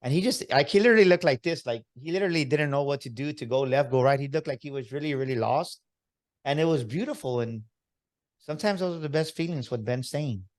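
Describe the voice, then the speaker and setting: A podcast host from Texas with a higher voice talks fast on his motivational podcast. He addresses listeners directly with energy and a preaching tone.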